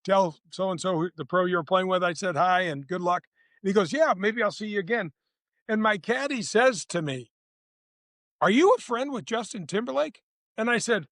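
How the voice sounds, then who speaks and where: A man's voice: sits high, a bit bright, no echo. A man in his sixties, a retired tour golfer, telling stories in a casual interview, rambling with restarts and acting out quotes. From St. Louis, USA. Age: 60s.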